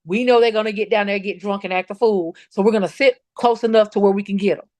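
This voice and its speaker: A woman's voice: mid-range voice, fast, a little mellow, no room sound. A middle-aged woman, a bereaved mother telling her story in a podcast interview, emphatic and quoting her own words. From North Carolina. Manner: emphatic, retells confrontations, quotes herself. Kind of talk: personal account in a podcast interview.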